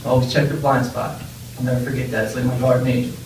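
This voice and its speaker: Young man, eulogy speaker; mellow, loose and rambling, with fillers and laughs. Distant mic, booming room echo. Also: level tone, fast talker. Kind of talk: informal memorial speech. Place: memorial gathering room. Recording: echoey room, voice far from mic, faint noise.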